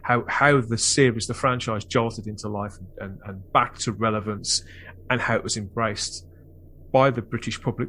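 A man hosting a fan podcast, talking in a wordy, reflective way with animated bursts. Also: fairly low pitch, moderate pace. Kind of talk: casual chat and reflective narration.

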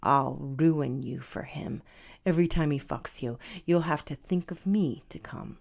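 A woman's voice: low-pitched, unhurried, gravelly, darkish tone, full character voice. A woman voicing a menacing alpha pirate man. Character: domineering male alpha pirate captor, menacing.

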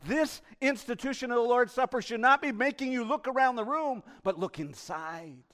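A male pastor delivering an impassioned sermon, swinging between loud emphasis and hushed asides and posing rhetorical questions to the congregation. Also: very high voice, moderate pace.

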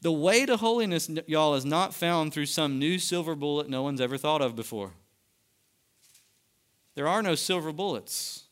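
A man preaches a passionate sermon, his fairly high voice driving up to emphatic peaks. His tone is smooth and resonant. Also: fairly bright tone. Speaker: pastor. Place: church sanctuary.

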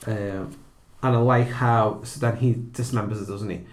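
A man co-hosting a casual film review chat, chatty and quick to laugh. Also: on the low side, steady tone. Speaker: podcast co-host.

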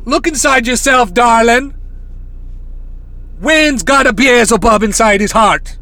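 A man doing an impression of an overdramatic TV psychic woman with a deliberately bad put-on accent, calling callers honey and darling. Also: high voice, pushed and bright, heavily acted. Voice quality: hammy put-on accent, drawn-out endearments. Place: inside a parked car.

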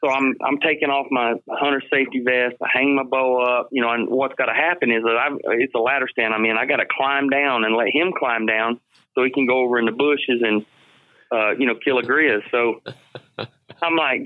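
Casting note: middle-aged hunting-show host, rambling and laughing, voice mid-range, tinny phone-line sound. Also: male voice, mid-range voice, fairly quick. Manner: rambling, animated, laughs often, repeats himself. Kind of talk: casual storytelling.

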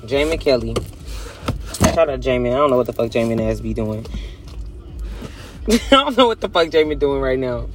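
A man's voice: medium pitch, lively intonation, normal speed, pauses often, over music. A man talking casually to his viewers in a blunt, profane, emphatic confessional monologue. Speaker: vlogger.

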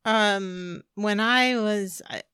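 Female podcast host, bright voice with some fry, teasing, dry close mic. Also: medium pitch, drawn-out words, no room sound. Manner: teasing, laughs often, steers the talk. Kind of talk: casual chat.

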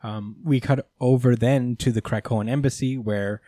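A man's voice: medium pitch, steady tone, normal speed, dark tone, no echo. Laid-back man in a dry room. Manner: laid-back, loosely profane. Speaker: podcast co-host. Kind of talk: casual comic book discussion.

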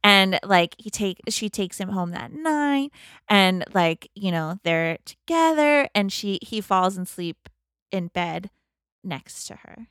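A woman's voice: mid-range voice, takes it slowly, dry recording, studio quality. A woman casually retelling a movie plot in a comedy podcast, acting out the characters' lines, with lots of "like" fillers. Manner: animated storyteller, acts out quotes, lots of "like". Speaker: podcast co-host.

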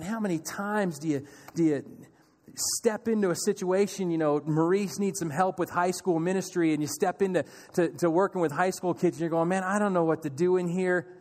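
Male pastor, high voice, lively sermon with acted-out panic and soft calm replies, long hall reverb. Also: moderate pace.

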